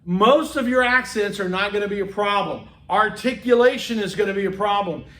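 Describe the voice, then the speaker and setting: A man's voice: high voice, brisk, pushed and bright. A man giving a classroom lecture in a conversational way, acting out bits of dialogue and checking in with frequent okays, heard in an echoey room from a distant mic. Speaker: college instructor.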